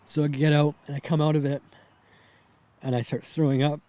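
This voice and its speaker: A man's voice: a little high, flat delivery, brisk, dark tone. A young man, a podcast guest, telling a personal story in a rambling way, shaken and close to tears, often adding "right?" and "man".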